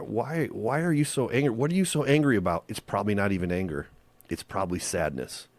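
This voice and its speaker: A male podcast host with a low voice gives faith-based relationship advice in an earnest, conversational monologue full of rhetorical questions. The recording is dry.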